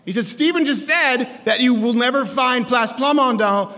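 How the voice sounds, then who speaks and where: A man in his thirties giving a joking, sarcastic campus speech to students, shouting his punchlines. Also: very high voice, normal speed. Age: 30s. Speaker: political commentator speaking to students. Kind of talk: stand-up style campus speech. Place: large lecture hall with a live audience. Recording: echoey hall, live crowd.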